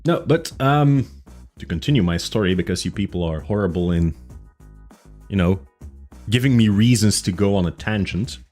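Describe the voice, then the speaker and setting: A man's voice: lowish voice, lively intonation, moderate pace, long pauses, a little mellow. A man streaming a casual chat with his viewers, rambling through tangents with many fillers and restarts. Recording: faint music behind.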